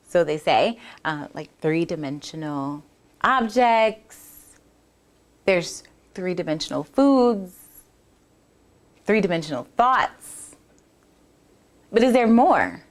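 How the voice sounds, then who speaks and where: Speaking slowly with long pauses, this woman uses a fairly low, expressive voice. She's a bodywork therapist reflecting solo on her podcast, earnest and conversational, voicing people's inner thoughts and frequently starting over mid-sentence.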